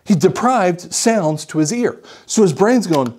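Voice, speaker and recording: Animated man telling a patient story. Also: sits high, a little slow. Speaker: audiologist. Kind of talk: explaining a patient case.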